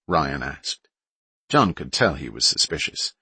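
A male audiobook narrator telling the story in a plain, even voice. His voice is low and husky with a bright, tense edge. The recording is dry and close. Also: a little slow, dry recording. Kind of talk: scripted narration.

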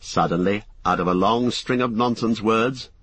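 A man reading a fantasy story aloud as narrator, steady and expressive. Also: on the low side, normal speed, slightly rough, no echo. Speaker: audiobook narrator.

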